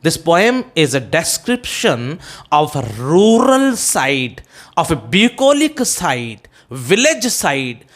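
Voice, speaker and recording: A male English teacher with an Indian accent lecturing on a poem, often checking with "okay?" and spelling terms out letter by letter, with halting restarts. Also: fairly high pitch, big pitch swings, fairly bright tone. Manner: hesitant restarts with many "uh"s.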